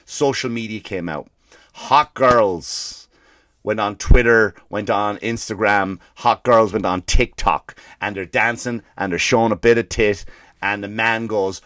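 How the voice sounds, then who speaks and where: A male comedian and podcast host ranting in a profane, animated way, slipping into mock voices for the people he quotes. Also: fairly low pitch, normal speed, dry recording, clean studio sound. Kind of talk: comedic rant.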